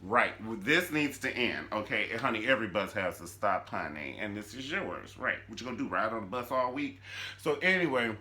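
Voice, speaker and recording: A man hosts a comedic TV recap in a sassy storytelling style. His voice is bright and sharp, and it swings widely in pitch as he tells the story. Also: animated, moderate pace. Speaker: YouTube show recap host.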